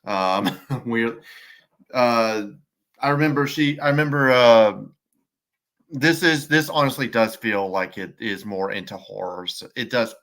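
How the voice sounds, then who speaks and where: A man chatting casually about a horror movie as podcast co-host, talking haltingly with many restarts. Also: medium pitch, fairly bright tone.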